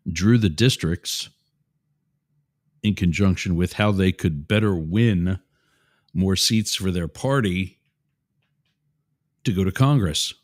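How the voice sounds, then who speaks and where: A man hosting a show, giving opinionated political commentary in a rambling, digressive way with asides to his listeners. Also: sits low. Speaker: show host.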